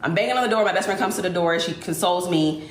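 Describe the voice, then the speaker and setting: A woman livestreamer telling an emotional personal story in an animated, rushing way. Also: on the low side, roomy sound. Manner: animated, speeds through dramatic retelling. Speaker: influencer livestreamer.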